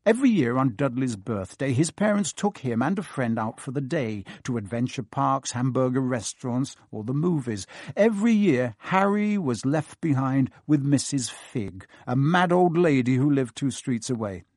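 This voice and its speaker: A man reading an audiobook with lively, expressive narration. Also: medium pitch, moderate pace, hardly any pauses, no echo, studio quality.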